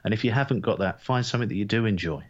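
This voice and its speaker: A man co-hosting a sports podcast, talking in a deadpan, dry way and wandering into anecdotes. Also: fairly low pitch, racing, muffled recording. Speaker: podcast co-host. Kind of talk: casual chat.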